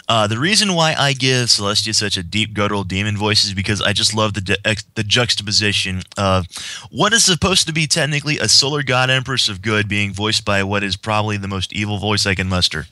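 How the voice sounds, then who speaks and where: Man, podcast host, rambling, chatty, lively pitch, bright tone. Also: no room sound. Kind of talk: casual podcast chat.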